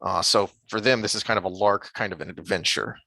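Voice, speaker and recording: Bright-voiced man discussing a book. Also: lowish voice, brisk, gravelly, no echo. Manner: thoughtful, with frequent fillers and restarts; reads passages from the book aloud. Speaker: podcast co-host.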